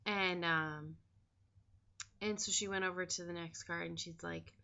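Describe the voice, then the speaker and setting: A woman vlogger chats candidly in a casual diary style, filling pauses with ums and likes. Her voice sits a little low but has a bright, forceful edge. The recording is dull and lo-fi. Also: steady tone, vocal fry. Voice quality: chatty, filler-heavy and candid.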